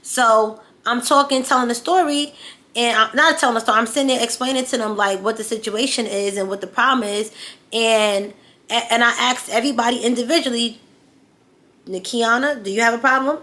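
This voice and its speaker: A woman's voice: on the high side, fairly even intonation, fairly quick, pushed and bright. A woman vlogger telling a story-time tale in a blunt, profane, heated way.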